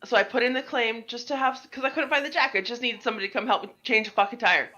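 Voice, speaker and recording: A young woman co-hosting a podcast, telling a story in casual chat with lots of swearing and animated delivery. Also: fairly high pitch, rapid-fire, lo-fi sound. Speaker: podcast co-host.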